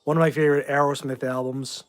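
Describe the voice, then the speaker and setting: A man's voice: medium pitch, little pitch movement, fast talker. A tired man in his forties from Massachusetts, hosting a casual livestream and talking bluntly and in rambling fashion as he answers chat. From Massachusetts, USA. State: tired, short on sleep.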